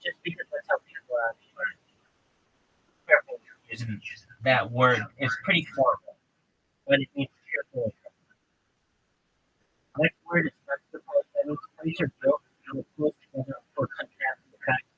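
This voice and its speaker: A man on a livestream explaining vocabulary words in a rambling, casual way, often searching for words and jumping in pitch. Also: wildly swooping pitch, normal speed, vocal fry, long pauses, a bit bright, slightly rough, highs cut off.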